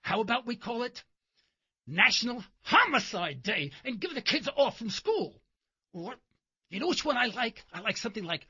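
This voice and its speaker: A man's voice: high-pitched, sing-song, moderate pace, pushed and bright, breathy edge, muffled recording. A man hosting a talk radio show, delivering a sarcastic, mocking monologue from his car while driving. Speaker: radio host.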